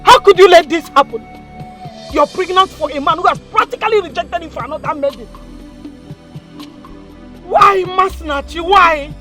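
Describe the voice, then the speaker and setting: A woman's voice: very high-pitched, normal speed, pauses often, music in the background. An actress with a Nigerian accent playing a distraught middle-aged mother who scolds her pregnant daughter. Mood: angry. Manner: scolding, emotional. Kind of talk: film drama acting.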